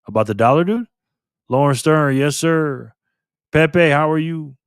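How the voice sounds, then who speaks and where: A man hosting a casual livestream, calling out viewers and donations with upbeat shout-outs. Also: on the high side, a little slow, clean tone, no echo, clean studio sound. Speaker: livestream host.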